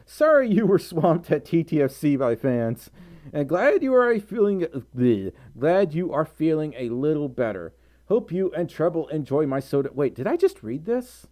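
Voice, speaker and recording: A flustered live streamer reads out donations in unhurried, mellow tones, often breaking into giggles. The voice swoops up and down a lot. The speaker rambles and keeps running themselves down. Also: medium pitch. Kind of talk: casual live-stream chat, reading donations.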